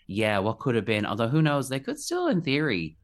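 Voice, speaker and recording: A man chatting as a podcast guest, animated and quick to act out other people's lines in playful voices. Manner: animated, acts out quoted voices in high pitch. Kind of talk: casual chat.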